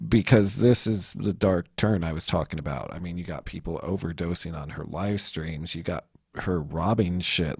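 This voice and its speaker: A man's voice: low-pitched, a little mellow, husky, no room sound, studio quality. A man hosting a casual commentary video, talking bluntly and profanely with frequent restarts. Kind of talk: casual commentary over clips.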